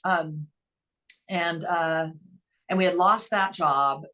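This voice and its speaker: A woman's voice: lowish voice, slow pace. Middle-aged woman, earnest nonprofit founder guest, candid and heartfelt. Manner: earnest, emotional, quotes others in lively voices. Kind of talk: conversational storytelling.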